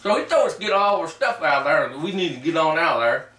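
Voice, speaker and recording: A man's voice: fairly high pitch, animated, fast, bright, forceful tone, far from the mic. A man playing a boastful, simple-minded backwoods ex-soldier who rambles through a comic story in ungrammatical rural dialect, recorded in an echoey room away from the mic. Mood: rambling, boastful. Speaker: comic character. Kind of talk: comic character monologue. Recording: roomy echo, voice away from the mic.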